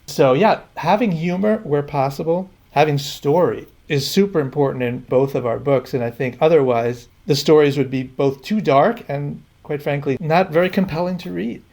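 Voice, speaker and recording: A man's voice: a little high, moderate pace, few pauses, a little mellow. A man speaking earnestly as an author guest in a casual podcast interview.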